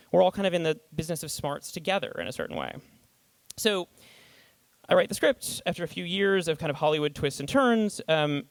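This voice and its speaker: High-voiced man telling a funny story. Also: no room sound. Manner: humorous, self-deprecating anecdote; animated, thinking aloud. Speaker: writer giving a stage talk. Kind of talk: storytelling talk to a live audience.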